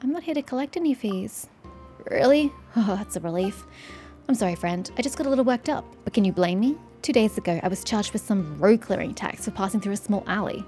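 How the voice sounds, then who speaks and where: A woman's voice: mid-range voice, animated, a little fast, dark tone, soft background music, close to an everyday voice. A woman voicing a jittery, overtaxed male merchant in a game, anxious and pleading, with rising questions. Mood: nervous.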